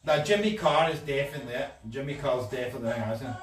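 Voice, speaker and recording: A man's voice: mid-range voice, rapid-fire. A Scottish man streaming while he paints an office, bantering and teasing in slangy, joking chat. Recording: roomy, voice far from the mic, faint music.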